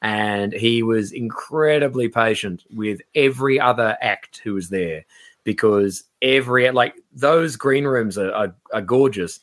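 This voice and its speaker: A man, a stand-up comedian, chatting on a podcast and acting out quoted people in raised, lively voices. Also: lowish voice, measured pace. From Australia. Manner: animated storyteller, acts out quotes in raised voices. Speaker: comedian guest. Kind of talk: casual podcast chat.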